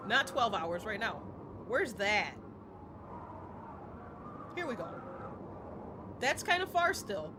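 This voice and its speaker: A young woman live-streaming a game, chatting casually and excitably and breaking into squeals. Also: mid-range voice, slow pace, long pauses, noisy background.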